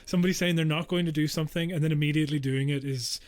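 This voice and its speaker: A man's voice: fairly high pitch, steady tone, very fast. An Irish man co-hosting a podcast, chatting casually, giggling often and trailing off with ums while he works out puns. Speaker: podcast co-host. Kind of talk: casual comedic chat.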